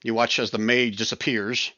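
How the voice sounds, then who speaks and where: Bright-voiced man running a tabletop game. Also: mid-range voice, flat delivery, normal speed, no echo. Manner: laid-back, explains rules plainly. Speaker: dungeon master. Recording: dull, lo-fi voice chat.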